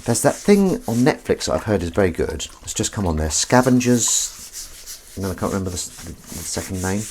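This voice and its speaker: Male host, lowish voice, animated and self-mocking, rambling live chat. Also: moderate pace, a little hiss or hum. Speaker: livestream host. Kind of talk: casual chat with live chat viewers.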